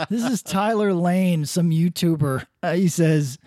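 A man's voice: high-pitched, slow, dark tone, dry recording, clean studio sound. A man co-hosting a casual podcast, reading online comments aloud and mocking them with profanity. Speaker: podcast co-host.

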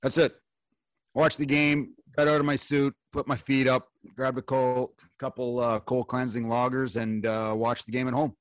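A man hosting a podcast, a former pro hockey player telling stories in a rambling, halting way full of fillers. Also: mid-range voice, level tone, dry recording. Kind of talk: casual chat.

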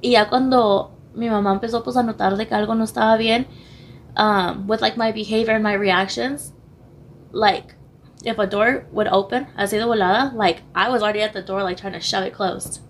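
A young woman with a hoarse voice, a podcast guest speaking candidly and haltingly, switching languages mid-sentence. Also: medium pitch, steady tone, a little hiss or hum. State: losing her voice, hoarse. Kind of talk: candid personal interview.

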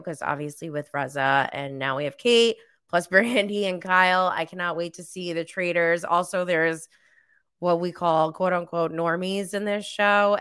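A woman hosting a casual recap podcast, rambling and giggling between thoughts. Her voice sits a little low and sounds smooth and clear. She takes her time with every phrase. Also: a bit bright. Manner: chatty, giggly, rambling with fillers. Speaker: podcast host. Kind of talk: casual live recap chat.

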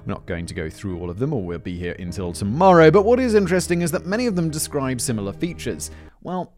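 A man's voice: medium pitch, very animated, quick pace, a little mellow, faint music behind. A man presenting a scripted narration, often breaking off into chatty, self-deprecating tangents.

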